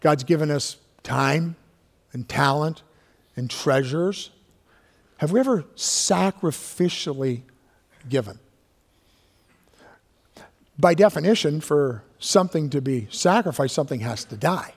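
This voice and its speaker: A man delivers a sermon from the pulpit with a somewhat high voice. He leans hard on single words and then sinks to a near hush. A long reverb from the church hall trails each phrase. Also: expressive, slightly rough. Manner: emphatic preaching, drawn-out key words, drops to hushed tones. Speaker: pastor. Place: church sanctuary.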